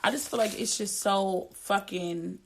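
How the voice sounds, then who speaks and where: A woman's voice: mid-range voice, measured pace, vocal fry. A woman in her twenties co-hosting a podcast, talking in a blunt, emphatic, profane casual chat. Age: 20s. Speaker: podcast co-host.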